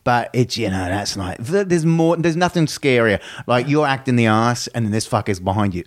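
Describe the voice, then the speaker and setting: A man chatting casually, animated and swearing heavily as he tells a story. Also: medium pitch, moderate pace, few pauses. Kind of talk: casual podcast chat.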